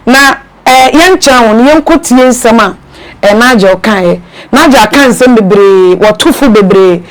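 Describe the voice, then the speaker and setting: A host in a relaxed, casual chat. The voice sits at a middling pitch, murmurs steady agreement, and moves calmly into introducing a clip. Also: a little slow, low-quality recording.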